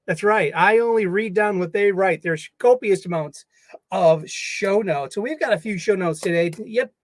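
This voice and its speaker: A man's voice: sits high, no room sound. Playful man hosting a livestream, dry sound. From United States. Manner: playful, jokey, talks to stuffed animals. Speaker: livestream host. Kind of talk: casual solo livestream chat. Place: home studio.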